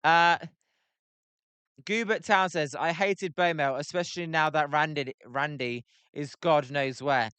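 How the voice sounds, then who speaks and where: A man's voice: fairly high pitch, steady tone, unhurried, bright, forceful tone, clear, resonant tone, dry recording. A British man hosting a casual live watch-along stream, reading chat messages aloud between play calls, with lots of ums and uhs. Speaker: livestream host.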